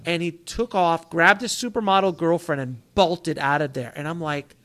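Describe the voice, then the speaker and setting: A man in his thirties tells a long personal story as a guest on a talk show. He speaks a bit higher than most men and animates his quotes with different voices. His delivery is casual and full of restarts. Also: normal speed, fairly bright tone. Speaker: author guest.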